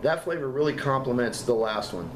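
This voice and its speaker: In an echoey room with background noise, a vape juice reviewer gives a casual product review in a mid-range voice. He speaks in halting, enthusiastic bursts, repeats words, and coughs now and then from a lingering cough.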